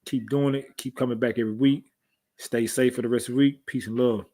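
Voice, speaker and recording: A man's voice: mid-range voice, steady tone, a little fast, mellow. A man co-hosting a podcast in a loose, laid-back way, joking about talking trash and thanking listeners. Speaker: podcast co-host. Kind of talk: casual chat.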